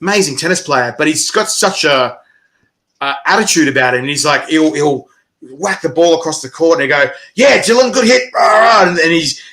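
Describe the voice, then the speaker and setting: A man's voice: fairly high pitch, a little fast, pushed and bright. A man with an Australian accent hosting a casual chat, rambling with lots of fillers and laughing often. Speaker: host.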